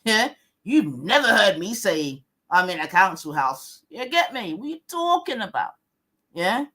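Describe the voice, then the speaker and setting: A woman with a mid-range, sing-song voice, a little slow, bright and forceful, hosts a livestream. She rants combatively in heavy slang, swearing and repeating her points in a heated tirade.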